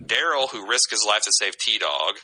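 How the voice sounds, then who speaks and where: A man with a fairly low voice and a very bright, forceful tone. He co-hosts a podcast in a casual, opinionated way and reads listener comments aloud. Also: animated, moderate pace, low-quality recording. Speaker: podcast co-host. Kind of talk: casual chat.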